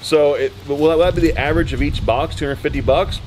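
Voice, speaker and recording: A man's voice: a little high, a little mellow, a little hiss or hum. A man casually unboxing returned goods for his channel, joking and stretching out words. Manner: playful, jokey, drawn-out words. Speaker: reseller unboxing return pallets.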